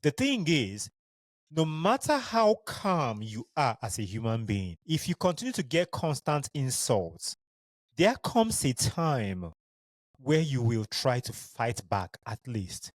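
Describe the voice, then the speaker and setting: A man's voice: mid-range voice, big pitch swings, takes it slowly, dry recording. A man with a Nigerian accent, a native Igbo speaker, hosting a solo podcast in an earnest, heartfelt way and speaking tenderly to his listeners. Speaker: podcast host.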